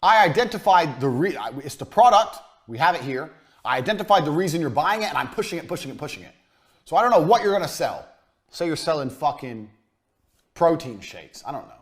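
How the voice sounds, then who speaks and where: A man's voice: fairly high pitch, big pitch swings, fast talker. A man giving a business lecture as a coach, blunt and profane, hammering his points home by repeating them.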